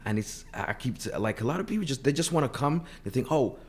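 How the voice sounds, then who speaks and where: A man who has lost his voice speaks hoarsely as an interview guest, earnest and often repeating words as he starts a sentence. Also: mid-range voice, animated, quick pace. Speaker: artist manager, guest. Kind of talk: casual interview talk.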